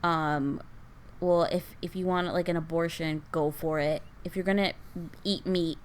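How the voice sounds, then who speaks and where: Low-voiced woman, wry podcast chat. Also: fairly even intonation, a little slow, slight background noise. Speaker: podcast co-host. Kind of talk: casual chat. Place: living room.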